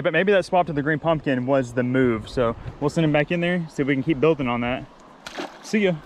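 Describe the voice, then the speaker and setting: A man vlogging while wading a mountain creek, casually explaining the water and getting excited over catches. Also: medium pitch, slight background noise. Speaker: fishing vlogger. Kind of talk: casual outdoor fishing commentary.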